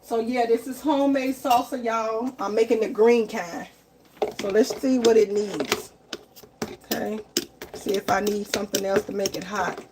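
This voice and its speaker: A woman's voice: a little high, fairly even intonation, moderate pace, noisy background. A woman, chatting casually to viewers while cooking live in her home kitchen, often repeating herself and calling them y'all. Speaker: home cook livestreaming.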